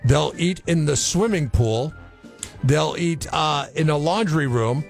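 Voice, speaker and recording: A man with a fairly high, gravelly voice bantering on a radio talk show. He jokes and plays up his disgust, with a faint music bed under him. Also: slow pace. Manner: joking, mock-disgusted, slips into put-on British voice. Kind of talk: casual morning radio banter. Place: radio studio.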